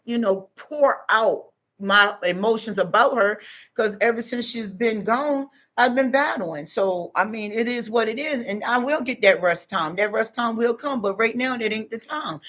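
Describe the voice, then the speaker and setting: A woman's voice: mid-range voice, fairly bright tone. A middle-aged woman, a spiritual self-help vlogger, giving an emphatic, unscripted motivational talk straight to her viewers. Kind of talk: unscripted motivational monologue to followers.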